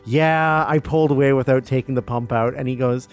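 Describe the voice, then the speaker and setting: A man's voice: mid-range voice, quick pace, soft background music. A man telling a long, casual story on a stream, doing the voices of the people he quotes. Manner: lively storyteller who acts out quoted voices. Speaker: stream guest.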